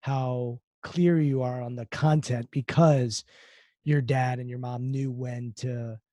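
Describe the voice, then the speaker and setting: A man's voice: medium pitch, steady tone, takes it slowly, dark tone, no echo. A man hosting an interview, thoughtful and searching for words as he asks questions, who works with athletes. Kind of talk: interview conversation.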